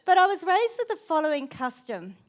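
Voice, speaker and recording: A woman's voice: very high-pitched, very animated, fairly quick. A middle-aged woman pastor with a New Zealand accent, preaching a sermon in a chatty, storytelling way.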